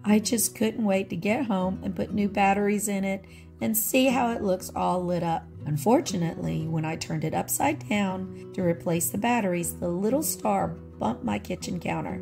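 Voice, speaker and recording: A woman's voice: mid-range voice, moderate pace, vocal fry, dark tone, faint music behind. A middle-aged woman vlogger chatting about her thrift finds in a nostalgic, friendly way, laughing often. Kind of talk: casual show-and-tell narration.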